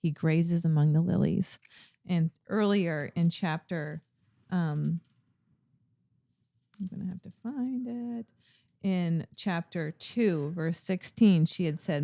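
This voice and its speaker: A woman co-hosting a ministry podcast, talking through a Bible passage in a casual, thoughtful way and pausing often to search for words. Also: fairly low pitch, vocal fry, warm tone, no room sound. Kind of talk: casual Bible study discussion.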